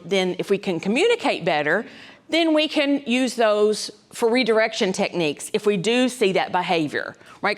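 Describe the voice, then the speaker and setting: A woman, a dementia specialist giving a folksy, conversational talk to caregivers, often checking in with "right?". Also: medium pitch. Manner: conversational, folksy, frequent ums and asides, keeps checking in with "right?".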